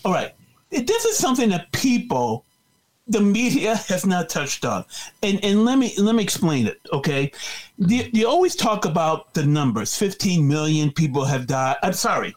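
A man from Chicago's South Side appears as a guest on a talk show, chatting casually in a high voice that bounces up and down. Animated and rambling, he uses many fillers, circles back, and restarts his sentences in an easy, radio-chat style.

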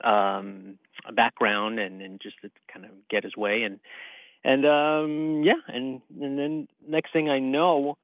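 A man's voice: medium pitch, level tone, slow pace, no room sound. Male phone-in guest, rambling and self-deprecating, on a dull lo-fi line. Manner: rambling storyteller, laughs at himself. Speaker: guest actor. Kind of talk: casual interview chat. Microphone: phone call.

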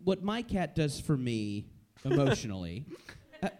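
Lively, wry man chatting. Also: mid-range voice. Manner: wry, self-deprecating, halting with restarts. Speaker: podcast panelist. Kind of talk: casual comedic chat.

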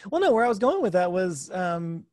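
A male interviewer with a fairly high voice, recorded close and dry. He asks relaxed follow-up questions and adds short replies. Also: brisk, dry recording. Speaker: interview host. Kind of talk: casual interview chat.

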